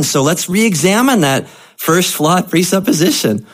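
Male pastor, sermon delivery, conversational and emphatic, very animated pitch. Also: a little slow. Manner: conversational preaching, rising to emphatic.

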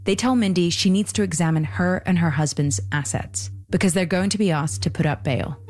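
A woman hosting and narrating a documentary podcast in a measured, scripted delivery. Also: lowish voice, a little mellow. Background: faint music.

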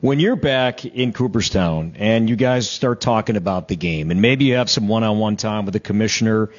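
A man hosting a broadcast interview, asking friendly, steady questions that lead his guest into stories. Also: lowish voice, moderate pace, slightly rough. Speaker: interview host. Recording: slightly dull, muffled audio.

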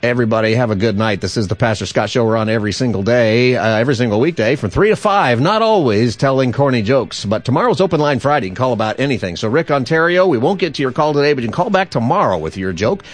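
A man hosting a call-in radio show, telling a corny joke and jumping up high for each character. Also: quick pace, hardly any pauses. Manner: animated, jumps high for quoted characters.

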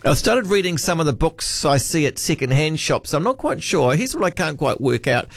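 New man, radio host, musing casual chat, dry studio mic, animated pitch. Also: normal speed, creaky, dry recording. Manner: musing, chatty, reads out listener texts.

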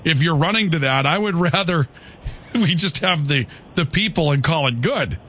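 A man's voice: a little high, animated, normal speed, fairly bright tone, breathy edge. A man hosting a call-in radio talk show, chatty and argumentative, who keeps asking "okay" and rhetorical questions. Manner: conversational, repeats "okay" often, rhetorical questions. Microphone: studio microphone.

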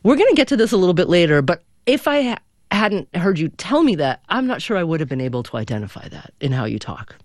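A radio host from Oregon, leading an interview in an engaged, conversational way and sharing firm opinions. The voice sits at a medium pitch and is recorded close and dry. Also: very animated, fast, no echo. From Oregon, American West.

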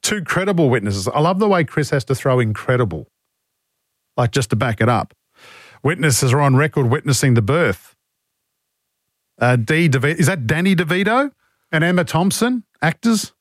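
A man's voice: on the high side, lively intonation, normal speed, long pauses, no room sound, studio quality. An Australian man hosting talkback radio, blunt and exasperated as he takes calls and reads out texts. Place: radio studio. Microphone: studio microphone.

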